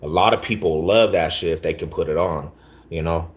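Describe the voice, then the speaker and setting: A man with a very deep, low voice chats loosely with his livestream audience. His talk is slangy, laid-back and full of repeats. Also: fairly quick. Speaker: livestream host. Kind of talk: casual livestream chat, reading chat.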